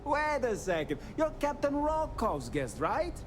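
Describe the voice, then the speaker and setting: An actor playing a nervous young ship engineer in a video game, talking hesitantly with many filler sounds. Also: male voice, huge pitch swings, a little slow, over music, exaggerated voice. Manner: hesitant, full of uh's. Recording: game audio with rumbling engine noise.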